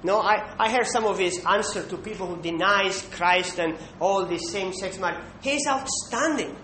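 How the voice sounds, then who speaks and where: A man preaching a sermon, emphatic, pausing to check in with listeners with a questioning "hmm". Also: bright, forceful tone. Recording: echoey room with faint rumble.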